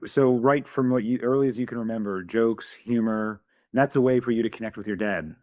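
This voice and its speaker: A man co-hosting a parenting podcast, asking a guest calm, thoughtful questions. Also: mid-range voice, a little fast, dry recording, studio quality. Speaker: podcast co-host. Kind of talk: casual interview chat.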